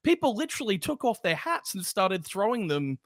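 An Australian woman co-hosting a podcast, sarcastic and animated, laughing often. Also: medium pitch, moderate pace, no room sound, studio quality. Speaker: podcast co-host. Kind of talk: casual podcast banter.

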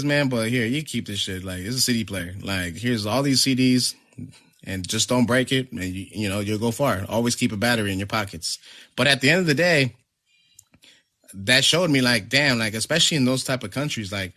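A man's voice: mid-range voice, a little fast. A man telling a story in casual chat, swearing freely and acting out what others said. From family from Nicaragua. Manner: animated, profane, acts out quotes.

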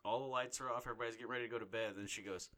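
A man's voice: medium pitch, rapid-fire. A man in his thirties, a podcast co-host, telling stories in casual, profane chat. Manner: profane, animated storyteller.

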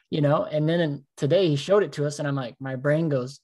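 A man co-hosting a casual podcast, telling animated stories, acting out his own thoughts and swearing often. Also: on the high side, normal speed. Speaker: podcast co-host.

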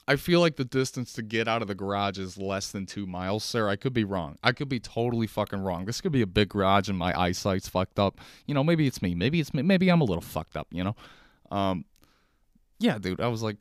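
A young man with a lowish, smooth and resonant voice rambles through a casual solo podcast, cracking jokes and swearing freely. The sound is close and dry. He talks loosely, drifting from one aside to the next. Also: expressive, brisk, no echo. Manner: rambling, profane, jokey. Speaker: podcast host. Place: kitchen table at home.

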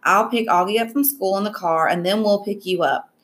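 A woman's voice: mid-range voice, fairly quick, lightly acted. A woman reading aloud as an anxious, apologetic mother who fusses over her children. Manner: anxious, fussing.

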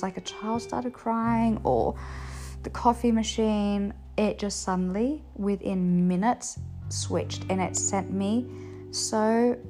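A young woman speaking candidly to her viewers in a relaxed confessional vlog. Her voice sits at a medium pitch and she talks bluntly, swearing freely and laughing between points. Soft music plays faintly underneath. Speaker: vlogger sharing her experience. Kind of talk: casual confessional talk to camera.

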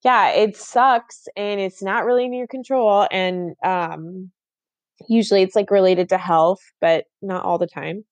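A woman's voice: medium pitch, steady tone, a little slow, no room sound, muffled recording. A woman in her thirties co-hosting a podcast, talking casually and reflectively with frequent laughs. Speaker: podcast co-host. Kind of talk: casual chat.

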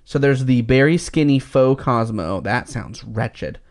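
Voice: mid-range voice, a little slow. A co-host in casual chat who tells things dramatically and emphatically. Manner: emphatic, dramatic storytelling with a lively voice.

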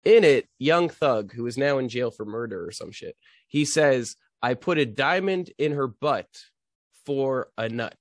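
A man's voice: medium pitch, animated, unhurried, dry recording, studio quality. A man in casual podcast chat with a teasing, easily amused way of talking.

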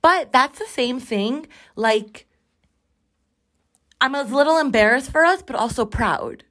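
A woman's voice: high-pitched, lively intonation, fairly bright tone. A young adult woman hosting a casual podcast with her sister, joking and chatty, recorded on a bathroom floor. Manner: bubbly, joking, quick to plug her socials. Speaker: podcast host. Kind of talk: casual chat.

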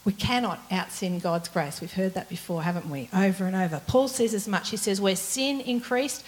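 A woman's voice: lowish voice, poor audio. A woman preaching a sermon in an earnest, pleading way, asking her listeners many rhetorical questions. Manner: earnest and pleading, slowing down for emphasis.

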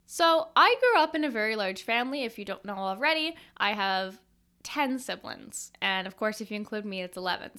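Bright-voiced young woman telling stories. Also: medium pitch. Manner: chatty, many "like" fillers. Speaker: podcast host. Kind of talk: casual personal storytelling.

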